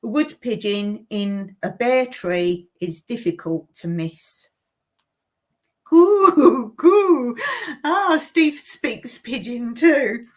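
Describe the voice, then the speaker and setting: Woman, livestream host, unhurried, giggly chat from home. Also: fairly high pitch, lively intonation. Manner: giggly, chatty, often laughing at herself. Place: home in rural Cyprus.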